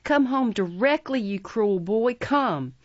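A woman voicing a frantic young woman who loudly feigns grief over a runaway brother. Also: expressive, slow, no echo, lo-fi sound. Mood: shrill pleading. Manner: shrill, wailing, theatrical.

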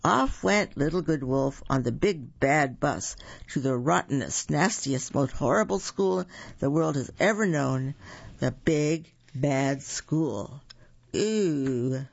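Playful read-aloud narrator, gravelly, husky, lo-fi. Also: mid-range voice. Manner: slow, animated and playful, self-correcting. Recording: dull lo-fi recording.

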